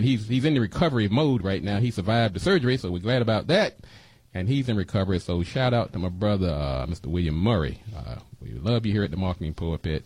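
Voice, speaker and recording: A man's voice: on the low side, darkish tone, slightly rough, dry recording. A man hosting a talk radio show, talking in a folksy, preachy way and repeating himself for emphasis into a studio microphone.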